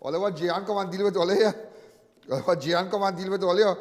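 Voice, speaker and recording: A middle-aged man with a Trinidadian accent hosting a live call-in crime talk show, animated and emphatic, often repeating phrases for effect. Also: sits high, quick pace, big-room sound. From Trinidad and Tobago.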